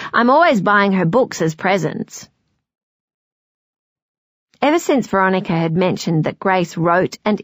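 A woman narrating a novel in a measured, expressive storytelling voice. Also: mid-range voice, no room sound, studio quality. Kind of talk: scripted audiobook narration.

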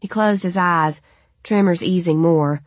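A woman narrating a first-person novel in a steady, even storytelling manner. Her voice is on the lower side for a woman. The recording is dry and close, with no room sound. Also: a little slow, dry recording. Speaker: audiobook narrator.

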